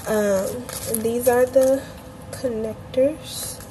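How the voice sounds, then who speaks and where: A young woman from Cleveland who grew up in Atlanta, a bit hoarse, hosting a casual craft tutorial livestream and chatting loosely with her viewers. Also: a little high, steady tone, very slow, warm tone, a little hiss or hum, rough recording. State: a bit hoarse, feels she is losing her voice.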